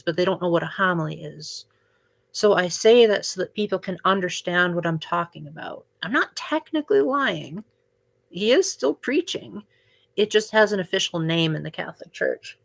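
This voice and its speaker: Hosting a casual livestream, a young woman chats with her viewers and peppers her talk with "like" and "um." Her voice sits lowish and is gravelly with a slightly bright edge.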